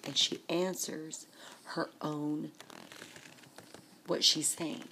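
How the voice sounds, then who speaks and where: In a casual vlog, a woman with a low, gravelly voice complains in exasperation. She speaks slowly and frequently sinks into a hushed whisper, while a faint hiss runs beneath the recording.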